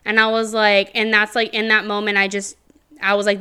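Slow-talking woman, candid and profane. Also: medium pitch, monotone, bright, forceful tone, smooth. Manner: candid, profane, rambling with many fillers. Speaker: podcast host; teacher. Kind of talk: emotional personal storytelling.

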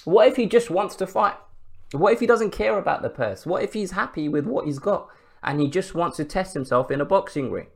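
A man's voice: high voice, lively intonation, a little fast, creaky. A man hosting a podcast, giving a casual sports commentary monologue full of rhetorical questions and swearing. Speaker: podcast host.

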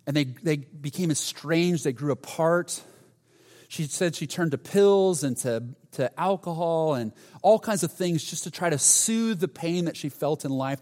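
A man preaches a sermon in earnest tones, his voice sitting a little above average pitch. He restarts phrases often and sinks into quiet, tender passages. The sound carries a long reverberant tail from a large church sanctuary. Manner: earnest, with frequent restarts and soft drops in volume. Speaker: pastor. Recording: reverberant hall.

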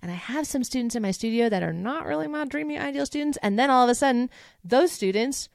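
An upbeat woman hosts a solo podcast as a voice teacher, her voice set a bit high. She talks casually and encouragingly, slipping into little acted-out quotes. The sound is dry and close on the mic. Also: animated, fast, gravelly, no room sound. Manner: upbeat, motivational, acts out quoted thoughts.

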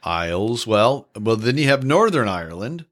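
Man, lowish voice, podcast co-host, casual chat, earnest, playful. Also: sing-song, normal speed, fairly bright tone. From American Midwest. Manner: earnest and explanatory, turns playful.

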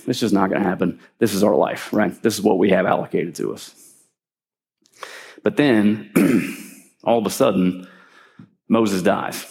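A middle-aged man preaching a sermon in a storytelling way, often clearing his throat and lifting his voice when he acts out what people said. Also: on the low side.

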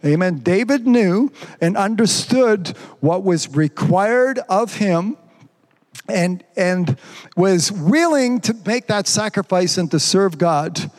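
A man's voice: high voice, animated, slow pace. A pastor preaching a sermon, fervent and repetitive, peppering his talk with "praise God" and "amen.". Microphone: streamed online service.

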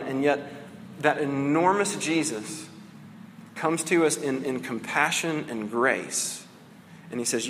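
A man's voice: on the high side, slow, long pauses, fairly bright tone, big-room sound, a little hiss or hum. A man preaching a sermon as a pastor, conversational and casual, often saying "like" and "right?".

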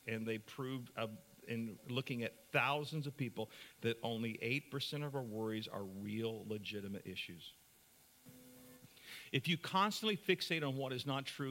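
A man preaching a sermon as pastor, earnest, moving between brisk talk and slow, soft passages. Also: medium pitch.

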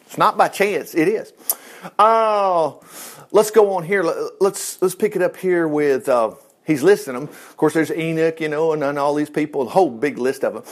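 A man's voice: fairly high pitch, normal speed. A man preaching an informal sermon in a folksy, conversational way, acting out voices as he teaches. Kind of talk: informal sermon on Bible passages.

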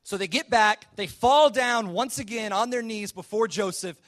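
High-voiced man preaching a Bible story. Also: normal speed, fairly bright tone. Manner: casual storytelling, acts out quoted characters. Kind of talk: sermon retelling a scripture story.

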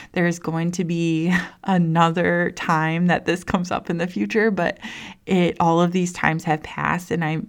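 A woman's voice: fairly low pitch, clean tone. A young woman and mother talking casually to listeners about parenting, chatty and full of "like" and restarts. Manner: chatty, says "like" constantly, restarts often. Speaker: mom sharing parenting stories. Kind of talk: casual personal talk to listeners.

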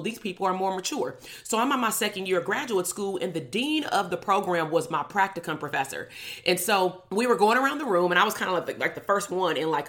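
Woman, young adult, lowish voice, animated storyteller, sarcastic, swears freely. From Compton, Los Angeles. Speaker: clinical psychologist. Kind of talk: casual storytelling to an online audience.

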